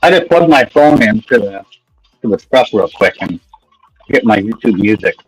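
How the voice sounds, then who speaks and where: A man's voice: lowish voice, lively intonation, moderate pace, breathy edge, soft background music, rough recording. A man chatting casually on a livestream, laid-back, explaining things plainly and joking. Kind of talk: casual chat.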